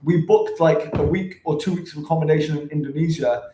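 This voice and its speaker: An energetic man talking casually to his viewers from his apartment, swearing freely as he chats. His voice sits a little high for a man. The room gives the sound a noticeable echo. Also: fairly quick, noisy background. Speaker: travel vlogger. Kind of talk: casual chat to camera.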